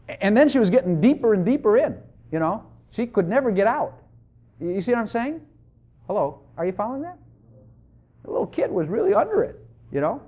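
A preacher giving a sermon in a conversational, animated way, often checking in with the audience. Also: mid-range voice, normal speed, long pauses. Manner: animated, conversational, repeatedly asks "Hello?". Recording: dull lo-fi recording.

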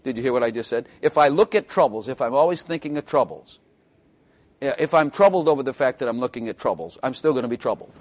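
A man's voice: mid-range voice, animated. A man preaching a sermon as pastor, mixing scripture with wry, teasing asides. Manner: wry, joking asides with quick bursts and drawn-out emphasis.

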